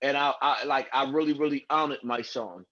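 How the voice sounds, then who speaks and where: A man's voice: mid-range voice, brisk, pushed and bright, dull audio. A man speaking as a guest on a live stream, earnest and rambling, over video-call audio.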